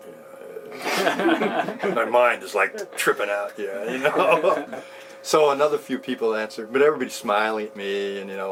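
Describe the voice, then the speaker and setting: A man in his sixties recounting a personal story in an interview, animated and often laughing as he talks. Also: lowish voice, normal speed, a crowd in the background.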